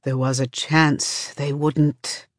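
A woman reading an audiobook voices a frail, dying man who speaks slowly and haltingly in a dry, close recording. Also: low voice, level tone, no echo. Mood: weary.

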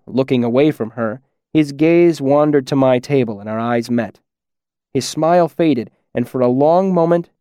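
A man narrating a first-person fantasy audiobook in a measured, reflective way. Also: medium pitch, dark tone, no echo, clean studio sound.

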